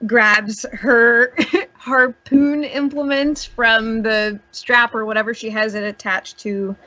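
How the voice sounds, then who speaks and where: A woman's voice: fairly high pitch, steady tone, takes it slowly, pushed and bright, highs cut off. A young woman playing a tabletop game, describing her character's actions and asking hesitant questions. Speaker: player.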